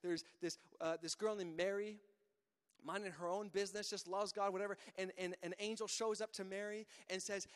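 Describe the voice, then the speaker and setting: High-voiced man preaching casually in a hall. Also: level tone, moderate pace, clean tone. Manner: conversational, repeats words when starting a thought. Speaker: pastor. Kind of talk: casual sermon.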